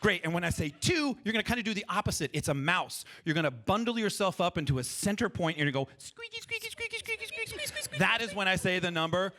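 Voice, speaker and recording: A man leading a live improv workshop for an audience on a conference stage, talking in an energetic, playful way and coaxing the crowd to join in. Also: high-pitched, fast talker, few pauses. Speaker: improv performer and workshop leader. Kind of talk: live freestyle rap and workshop talk to an audience. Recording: live event with audience noise.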